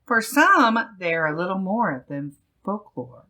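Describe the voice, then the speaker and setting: Slow, bright-voiced woman reading news. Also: mid-range voice, big pitch swings. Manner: slow, deliberate reading with laughs between phrases. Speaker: podcast host. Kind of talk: reading a news article aloud.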